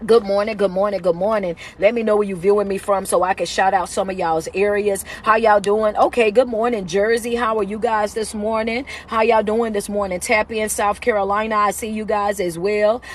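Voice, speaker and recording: Woman motivational speaker, upbeat and casual, running phone live-stream shout-outs. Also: medium pitch, slight background noise. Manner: upbeat, repetitive greetings, casual slang.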